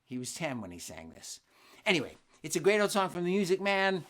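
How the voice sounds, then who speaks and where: A man's voice: high-pitched, huge pitch swings, brisk, fairly bright tone. Friendly older male family singer. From New Jersey, USA. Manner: friendly, rambling, thinking aloud. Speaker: children's singer and concert host. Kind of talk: live family concert chat between songs.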